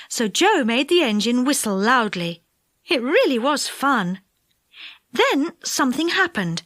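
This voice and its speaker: A woman narrates a children's audiobook in an expressive, unhurried way. Her voice sits a little high and moves a lot in pitch. The studio sound is dry and close. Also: no room sound.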